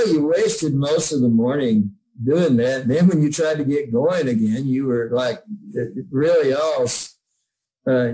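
A man's voice: a little high, darkish tone, a little hiss or hum, poor audio. A man, a songwriter, telling heartfelt stories in a casual interview, rambling with many restarts. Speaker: songwriter guest.

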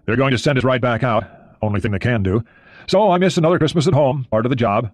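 A male audiobook narrator reading the lines of a practical American submarine commander, brisk and matter-of-fact. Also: medium pitch, dry recording, close to an everyday voice.

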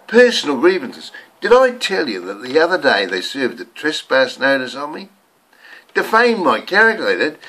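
Older New Zealand man, rambling vlog ranter, bright forceful voice with big swings in pitch. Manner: rambling, ranting, repeats words. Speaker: vlogger. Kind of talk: rambling monologue to camera.

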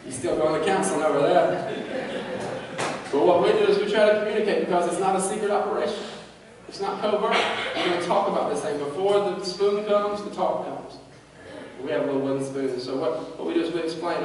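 A pastor preaching in a folksy, joking style, his fairly high voice dropping quiet and then rising loud. He is heard from a distance, with long reverb filling the large church hall. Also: brisk, a little hiss or hum. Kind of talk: sermon. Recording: echoey church hall from far off.

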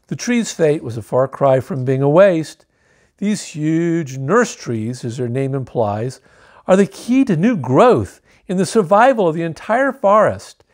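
A man's voice: on the high side, a little mellow. A man reading a picture book aloud, with wry, joking asides between the story lines. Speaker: storybook reader.

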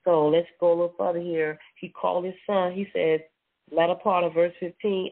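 A preacher giving an informal Bible teaching, reading scripture aloud, often repeating words and affirming with a quiet mm-hmm. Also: mid-range voice, steady tone, moderate pace. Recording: tinny phone-line audio.

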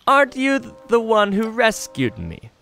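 A man's voice: very high voice, huge pitch swings, normal speed, creaky, bright, forceful tone, soft background music, voice pushed up, full character voice. A man voicing a pushy male TV reporter who talks in a commercial-announcer way. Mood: showy. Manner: commercial-style announcer delivery.

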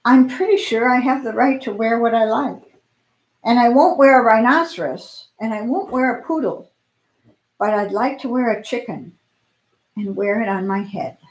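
A woman's voice: fairly high pitch, moderate pace, reverberant, natural voice, low-quality recording. A woman doing timid Miss Honeycutt, tiny-voiced. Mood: gently firm. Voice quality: soft, tiny voice. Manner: hesitant but gently firm. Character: timid, polite small-town lady.

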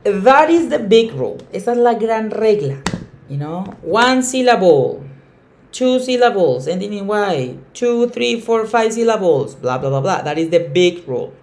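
A woman teacher explaining grammar emphatically, often repeating key words and slowing down on examples. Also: mid-range voice, animated, darkish tone, slight background noise. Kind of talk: bilingual classroom explanation.

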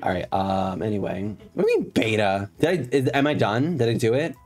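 A man's voice: lowish voice, wildly swooping pitch, brisk, darkish tone. A man in drag on a live stream, chatting casually and campily with his viewers, swearing playfully at them.

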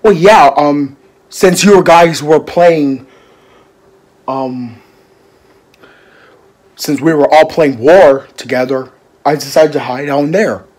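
A man talking quietly in a casual amateur fan drama. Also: on the high side, slow pace, long pauses.

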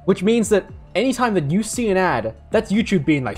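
A young man rambles through gameplay commentary, cracking jokes and swearing. His voice sits a little high and swings widely in pitch. Faint game music plays behind him. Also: big pitch swings, brisk. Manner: jokey, rambling, swears and laughs. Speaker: gaming YouTuber.

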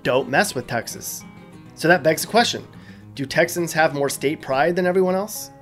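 A man's voice: on the high side, moderate pace, faint music behind. A man hosting a scripted explainer video, casual and joking with wry asides. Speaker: host.

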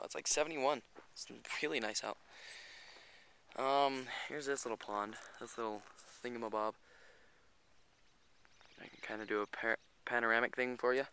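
A man's voice: mid-range voice, fairly even intonation, moderate pace, pauses often, bright, forceful tone, smooth. A man vlogging outdoors in rural hills by a creek, filming with a handheld camera, rambling and swearing casually, a little out of breath. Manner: rambling, swears a lot, chatty asides. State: slightly out of breath. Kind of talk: casual walking vlog.

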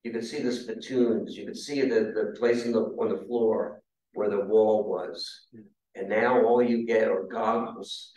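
Male lecturer, conversational history talk; boomy hall, distant mic. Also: fairly even intonation, a little slow, warm tone. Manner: conversational, asks the audience questions. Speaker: guest speaker. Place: meeting hall. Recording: very echoey room, mic far off.

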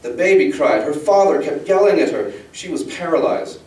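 A man, the author, giving an expressive, measured reading of his fantasy novel. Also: a little high, distant mic. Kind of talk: dramatic fantasy book reading. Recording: echoey room, voice from the mic.

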